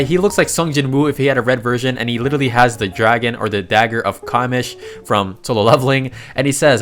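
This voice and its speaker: A man casually recapping a comic story, excitable and slangy, often breaking in with exclamations. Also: medium pitch, fast, hardly any pauses, soft background music. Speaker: manhwa recap narrator.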